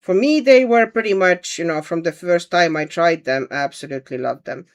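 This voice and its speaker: A woman's voice: fairly low pitch, a little fast. A woman hosting a casual livestream, chatting and thinking aloud as she paints and answers viewer comments. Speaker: livestream host.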